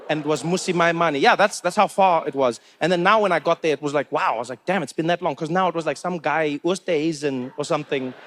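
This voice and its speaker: A man from Africa, telling stories on stage in a chatty, animated stand-up comedy style, on a handheld mic. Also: a little high. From South Africa. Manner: chatty, animated, acts out characters. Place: stage at a live show.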